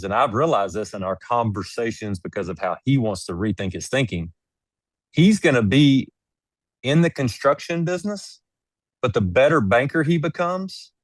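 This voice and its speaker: Guy with a lowish voice, dry close sound, talks in punchy emphatic bits. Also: dry recording. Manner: emphatic, preachy storytelling. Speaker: guest. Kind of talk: casual interview conversation.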